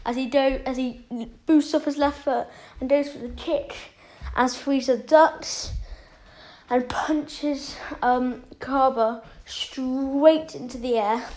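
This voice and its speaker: A woman's voice: high-pitched, steady tone, takes it slowly, darkish tone, poor audio. A woman casually retelling a fan story, rambling with many fillers.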